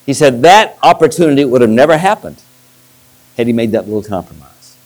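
A man's voice: mid-range voice, animated, brisk, poor audio. A middle-aged man, a pastor, preaching a sermon and telling stories with restarts. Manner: storytelling with restarts and acted-out quotes.

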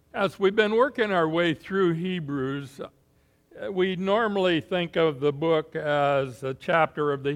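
A man preaching a sermon in an unhurried, folksy way, pausing often with fillers and clearing his throat. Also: a little high, fairly bright tone. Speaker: pastor.

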